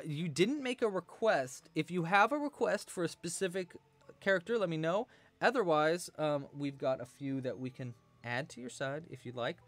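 A man's voice: fairly high pitch, expressive, normal speed, no room sound. Chatty man hosting a crochet stream. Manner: chatty, thanks donors and answers chat. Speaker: crochet livestream host. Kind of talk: casual live-stream tutorial chat.

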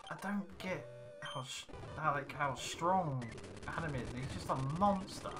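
A let's play host giving casual gameplay commentary in a chatty way, reading game text aloud in playful voices. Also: medium pitch. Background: game music.

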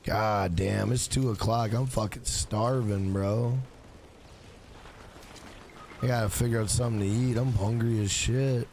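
A man's voice: fairly low pitch, fairly even intonation, unhurried, creaky, pauses often, a little mellow, slight background noise. A man live-streaming a video game, swearing often and greeting viewers in chat by name. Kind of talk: live gaming stream commentary.

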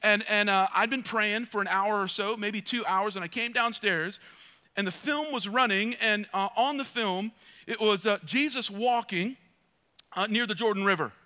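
A middle-aged pastor preaches with a high, bright, sharp-edged voice. He drives his points home by repeating phrases and swings from loud, urgent calls down to quiet, close asides. It is a passionate sermon delivery. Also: moderate pace.

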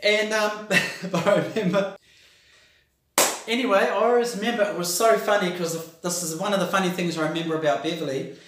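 A man with a New Zealand accent talks through a casual birthday message, rambling and hesitant and filling gaps with ums. His voice sits a little high for a man. The recording is heavily echoey, as if made in a bare, hard room. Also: steady tone, fast, noisy background. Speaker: brother giving a birthday tribute.

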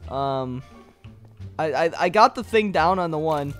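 A woman's voice: sits low, lively intonation, unhurried, faint music behind. A young woman playing a flustered, stammering servant in a casual video-game roleplay. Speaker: Minecraft roleplay player as servant. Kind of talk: playful game roleplay chat.

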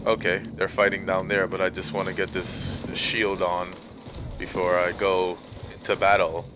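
A man's voice: low voice, flat delivery, moderate pace. A young man streaming a video game, telling a story in a profane, rambling rant. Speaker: gaming streamer. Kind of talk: casual storytelling while playing. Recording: game sounds and noise behind.

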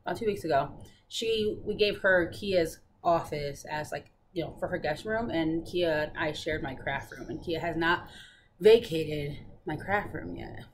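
A woman's voice: low voice, measured pace, a little hiss or hum. Chatty woman telling a home story. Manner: chatty storyteller, laughs often. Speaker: flosstube host. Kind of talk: casual chat. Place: living room at home.

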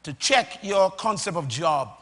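A man preaching a sermon to a live congregation, rousing them into call-and-response with bursts of shouting, recorded in a large church hall. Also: a little high, lively intonation, a little slow. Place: church or auditorium. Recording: long reverb of a large hall.

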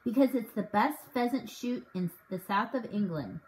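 A woman reading the part of a father who dreams up a daring scheme and grows excited as he explains it. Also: on the high side, moderate pace, slight background noise, lightly acted, rough recording. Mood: explaining. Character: warm scheming father with a broken leg.

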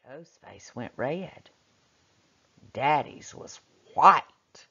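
A woman teacher reads a chapter book aloud slowly, her voice rising and falling with lively expression as she stops to question the children. Her lowish voice comes through a muffled lo-fi recording. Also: breathy edge.

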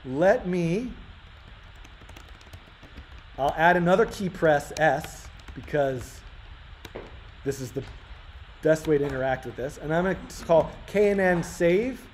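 A man's voice: on the high side, lively intonation, takes it slowly, long pauses. A man teaching a live-coding workshop, thinking aloud with lots of fillers and restarts. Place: workshop room. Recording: roomy live-stream audio with faint room noise.

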